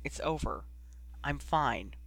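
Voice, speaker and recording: A man voicing a guarded young wizard who speaks quietly and bitterly. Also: fairly high pitch, measured pace, dry recording.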